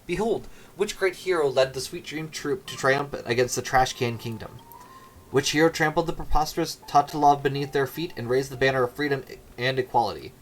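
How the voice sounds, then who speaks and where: A man's voice: medium pitch, fairly quick, a little hiss or hum, lightly acted, poor audio. A man reading an adoring pleading young lady. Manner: pleading, admiring.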